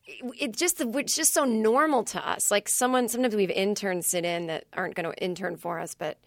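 Woman comedy writer, podcast guest. Rapid, rambling storyteller who acts out quotes. Dry booth sound. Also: mid-range voice, no echo. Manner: chatty, fast storytelling with many "like"s and acted-out quotes. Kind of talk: casual podcast interview.

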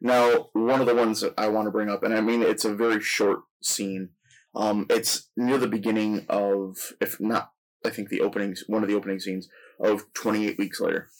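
A man's voice: on the low side, flat delivery, moderate pace, poor audio. Man retelling a movie scene in detail. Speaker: podcast co-host. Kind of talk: casual film discussion.

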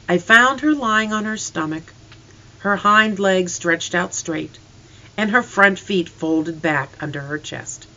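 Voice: medium pitch, pushed and bright. An audiobook reader narrating a first-person story in an earnest, emotive way. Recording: slightly distant, dull lo-fi.

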